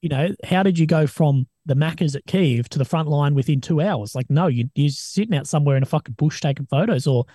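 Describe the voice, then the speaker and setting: A young Australian man talks casually, cursing often and slipping into other people's voices as he tells stories. His voice is mellow and a little husky, and it sits somewhat high for a man. The sound is dry and close. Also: a little fast, hardly any pauses, dry recording. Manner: swears a lot, animated retelling of others' words. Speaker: guest, army veteran and journalist. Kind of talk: casual interview talk.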